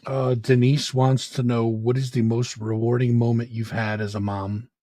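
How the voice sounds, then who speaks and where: A man's voice: medium pitch, little pitch movement, normal speed, dark tone, dry recording. A man hosting an interview, casually reading out audience questions with easygoing asides.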